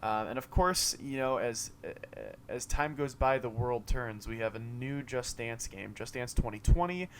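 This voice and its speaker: A man's voice: medium pitch, normal speed, hardly any pauses, a little hiss or hum. A young man casually recapping a game showcase, rambling, with many fillers and self-corrections. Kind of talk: casual commentary monologue.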